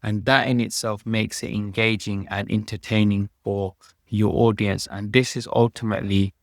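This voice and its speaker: Measured British man teaching English. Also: on the low side, level tone, no room sound, clean studio sound. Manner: measured, explanatory, reads quoted passages aloud. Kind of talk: explaining a lesson.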